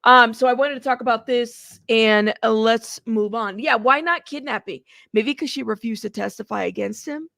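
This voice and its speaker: A woman hosting a casual reaction commentary, chatty and animated, talking straight to her viewers and laughing often. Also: fairly high pitch, normal speed, creaky, few pauses, dry recording, studio quality. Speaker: host of a commentary channel.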